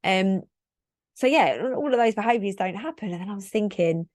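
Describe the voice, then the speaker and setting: A woman in her thirties hosts a solo podcast in a mid-range, darkish voice with lively intonation and a moderate pace. She talks candidly and reflectively, rambling and using "like" a lot. The studio sound is clean, with no room sound.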